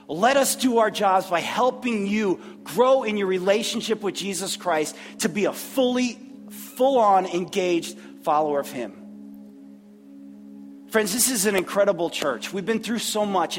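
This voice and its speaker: An earnest male pastor with a high voice delivers a sermon, often repeating himself as he gathers his words. His voice carries a long hall reverb, with faint music underneath. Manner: earnest, repeats phrases, preacherly pauses. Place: church sanctuary.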